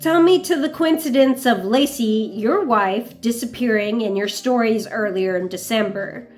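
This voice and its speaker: A woman's voice: on the high side, normal speed, a little mellow, soft background music, lightly acted. A woman reading an indignant, accusing young woman. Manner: pointed, sarcastic questioning. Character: young woman confronting a lying lover, indignant.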